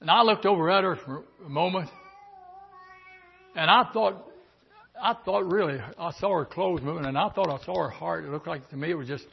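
Older preacher guy, high voice, goes quiet then shouts, muffled old recording. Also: moderate pace, creaky, breathy edge. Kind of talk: sermon.

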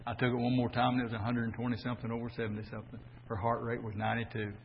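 An older man preaching a sermon on the air, swinging from fervent shouting to quiet, folksy storytelling. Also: mid-range voice, completely flat delivery, very fast, a little hiss or hum. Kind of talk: Pentecostal-style sermon on the air. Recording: dull lo-fi audio with long church reverb.

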